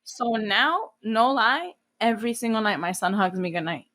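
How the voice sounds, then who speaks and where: A woman's voice: a little high, expressive, moderate pace, a bit bright. A woman in her thirties from New Jersey, a guest in an interview, talking bluntly with lots of swearing and acting out things she once said. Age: 30s. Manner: blunt, swears freely, acts out her own past lines. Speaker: guest, event planner. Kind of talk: candid casual interview.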